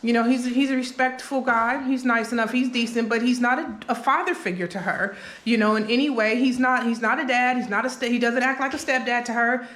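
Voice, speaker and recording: A woman's voice: fairly high pitch, fairly bright tone. A woman vlogger telling a story in a casual, chatty way, often checking in with her listeners. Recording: roomy echo.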